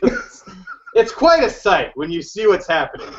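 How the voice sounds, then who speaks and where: A man's voice: sits high, huge pitch swings, normal speed, noisy background. A man co-hosting a podcast in casual chat, telling a rambling story with a laugh and some swearing. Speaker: podcast co-host. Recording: dull lo-fi podcast audio.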